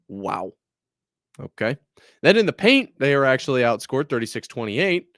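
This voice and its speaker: A man's voice: mid-range voice, dry recording. Male podcast host, casual and exasperated, dry mic. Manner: candid, exasperated, self-deprecating. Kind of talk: casual sports podcast talk.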